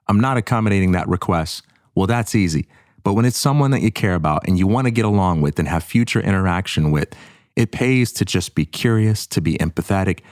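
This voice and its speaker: A man with a very low, deep voice talks through ideas in an earnest, explanatory way on a podcast. His pitch jumps up when he acts out what someone else might say. The sound is close and dry, with no room echo. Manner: earnest, explanatory, animated when quoting others. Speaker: podcast co-host. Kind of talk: conversational podcast discussion.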